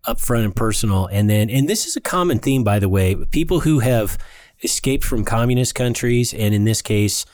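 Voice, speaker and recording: A man co-hosting a casual political talk show, reading listener comments aloud and adding drawn-out, emphatic remarks. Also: medium pitch, animated, a little mellow, no room sound. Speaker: podcast co-host.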